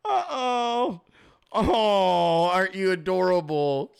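A man's voice: high-pitched, expressive, moderate pace, vocal fry, bright, forceful tone. A man hosting a casual livestream, mocking and profane, laughing often and switching into sarcastic put-on voices. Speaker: host.

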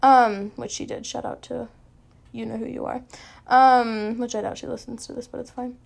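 A woman's voice: on the high side, flat delivery, moderate pace, creaky. A woman in her late teens chatting through an everyday story, full of "like" and self-mocking asides. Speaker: vlogger. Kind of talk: casual storytelling.

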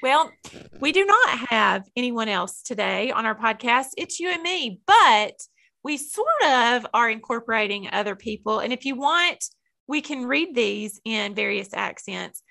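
Woman, high bright voice, vocal fry, podcast co-host, casual. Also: expressive. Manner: brisk, joking, reads listener questions. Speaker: podcast co-host, school counselor.

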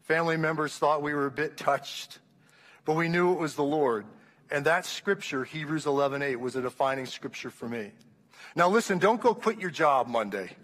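A man's voice: a little high, moderate pace, fairly bright tone, long reverb tail. A man around sixty, a pastor, gives an impassioned sermon testimony, telling his story with frequent restarts. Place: church hall.

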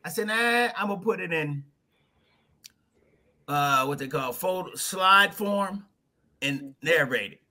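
A man guesting on a podcast, telling his story in a lively, folksy way and slipping into little voices. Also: fairly high pitch, takes it slowly, long pauses. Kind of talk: animated storytelling in conversation.

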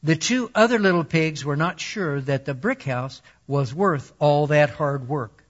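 A man reading a children's story aloud in a slightly raised voice. He speaks very slowly and deliberately, taking each sentence in turn. The recording has a dull, lo-fi sound. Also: fairly high pitch, animated. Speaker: storyteller and Bible teacher.

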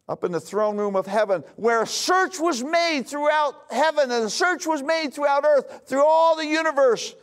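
High-voiced preaching man. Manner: emphatic, shifts between loud calls and low hushed lines. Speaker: pastor. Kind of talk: sermon.

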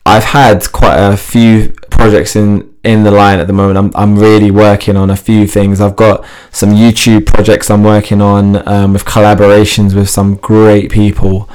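A man with a lowish voice chats as a guest about his own path, animated and quick to laugh. He often breaks off and restarts his sentences as he thinks aloud. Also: clear, resonant tone. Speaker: fitness TV presenter, interview guest. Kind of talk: casual interview chat.

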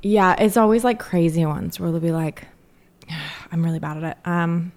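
A woman co-hosting a relaxed podcast, quick to giggle and full of fillers. Her voice sits fairly low for a woman. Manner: giggly, uses lots of "like" and "um". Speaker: podcast co-host. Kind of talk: casual chat.

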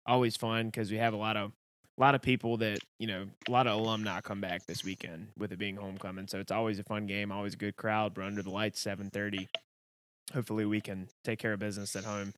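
A man's voice: on the low side, level tone, fast talker, a bit bright. A man co-hosting a podcast, chatting in a casual, upbeat way. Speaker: podcast co-host. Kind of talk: casual chat. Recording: clear keyboard noise behind.

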